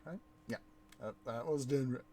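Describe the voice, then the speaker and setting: A man streams a city-building game in casual let's-play chat, telling a rambling story with lots of fillers and restarts. He speaks at normal speed with a medium-pitched, mellow voice, and a little hiss or hum is audible.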